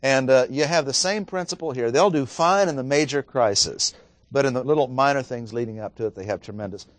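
A man's voice: medium pitch, a little fast, dry recording. A man teaching a Bible study, talking casually, asking his listeners questions and reading scripture aloud with emphasis. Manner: conversational, asks the audience questions.

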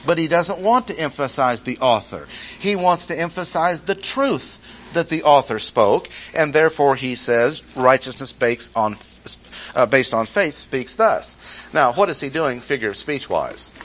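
A man's voice: medium pitch, animated, a little slow, fairly bright tone, rough recording. A man teaching a sermon, emphatic, asking the audience questions and repeating key phrases. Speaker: Bible teacher. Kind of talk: expository sermon.

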